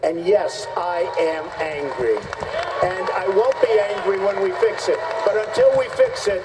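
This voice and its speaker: A man's voice: high-pitched, normal speed, a loud crowd. A man running for president, giving blunt, repetitive, conversational debate answers. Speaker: presidential candidate. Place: large debate hall on stage. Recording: distant mic in reverberant hall.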